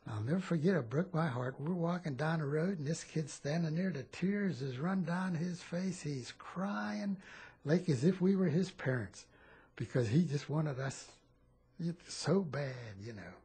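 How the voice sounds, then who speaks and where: A man in his eighties, a war veteran telling stories in a rambling, animated way at a home interview. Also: on the high side, measured pace. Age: 80s. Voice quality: very husky. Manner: rambling, animated storytelling with repeated phrases.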